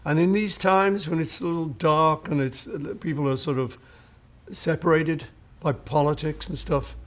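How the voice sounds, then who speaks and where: An older man, a songwriter, telling anecdotes in an interview and acting out what people said. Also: a little high. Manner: anecdotal, acts out quoted people. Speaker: songwriter recalling his songs. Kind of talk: storytelling interview.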